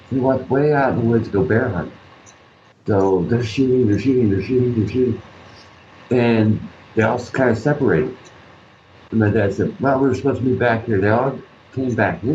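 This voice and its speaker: A man's voice: fairly low pitch, a little mellow. A man tells a personal story during an interview. He speaks earnestly, repeats phrases and acts out the voices of people he quotes. The recording is dull and lo-fi, with faint background noise. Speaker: guest artist and musician.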